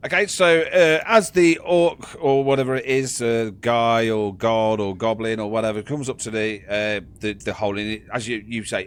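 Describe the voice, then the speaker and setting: A man's voice: medium pitch, steady tone, brisk, few pauses. A man narrating as game master in a casual, joking manner. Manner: casual, laughing, swearing narration.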